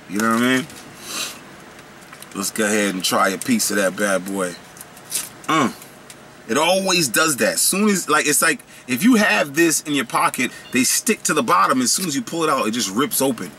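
A man's voice: mid-range voice, expressive, moderate pace, bright, forceful tone, a little hiss or hum. Slangy, playful snack-review guy. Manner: slangy, playful, riffs and rambles. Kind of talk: casual snack review vlog.

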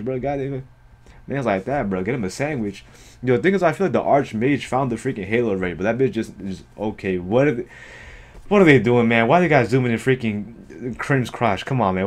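Excitable, slangy man reacting out loud. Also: medium pitch. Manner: excitable, slangy and profane, with frequent exclamations. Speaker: anime reaction video host. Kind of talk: casual reaction commentary.

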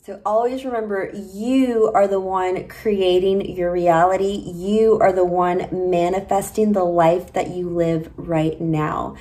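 A woman's voice: lowish voice, steady tone, slow, few pauses, warm tone, rough recording. A young woman telling a personal story to camera as a spiritual vlogger, earnest and confiding, acting out bits of dialogue.

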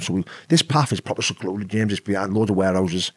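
Talking rapid-fire in a low, slightly rough voice, a British podcast guest shares a rambling personal story, repeatedly tossing in "you know what I mean." He's an adult father of an eleven-year-old son. The studio sound is clean, with no echo.

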